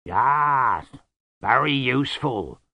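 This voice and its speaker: A huge, calm yeti from a storybook rumbles along in slow, loud, drawn-out phrases, as a man narrator puts him on. The delivery is unhurried and amiable. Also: no room sound, dull audio. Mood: placid. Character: large gentle male yeti, calm and amiable.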